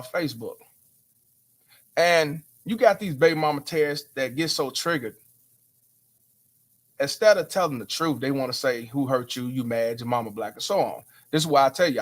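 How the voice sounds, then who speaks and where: Emphatic preachy man, higher voice. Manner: emphatic, preachy, rhetorical questions. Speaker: host. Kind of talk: casual commentary to viewers.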